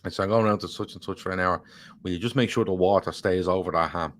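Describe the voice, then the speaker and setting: A man with a fairly low voice, talking in a loose, rambling way. He swears freely and jokes his way through viewer comments. It is casual podcast chat between co-hosts. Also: fast talker, a bit bright, a little hiss or hum. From Ireland.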